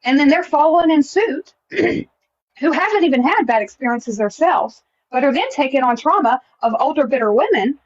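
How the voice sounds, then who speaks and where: A woman's voice: high-pitched, animated, normal speed, lo-fi sound, slight background noise. A woman, a mother, speaking bluntly and insistently in an online debate. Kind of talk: live social media debate.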